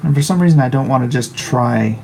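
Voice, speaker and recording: A man's voice: mid-range voice, fairly quick, a little mellow, a little hiss or hum, rough recording. A man live-streaming while he draws, chatting casually and with a wry tone as he reads chat aloud in his home studio.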